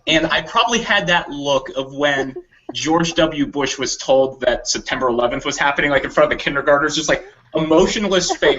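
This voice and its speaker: A man's voice: a little fast, a crowd in the background. A man casually telling a long funny anecdote on a podcast, acting out what people said. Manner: animated storyteller acting out quotes in higher voices. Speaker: volunteer convention staff telling a story. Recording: dull lo-fi audio.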